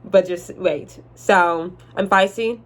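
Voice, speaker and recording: A young adult woman telling a storytime vlog in an animated, chatty way, speaking straight to her viewers. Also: lowish voice, slow pace. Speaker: vlogger.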